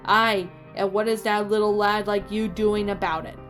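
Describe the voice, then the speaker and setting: A woman's voice: mid-range voice, steady tone, normal speed, fairly bright tone, soft background music, natural voice. A woman voicing a large, drunk Irish man who mocks a small boy. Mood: mocking.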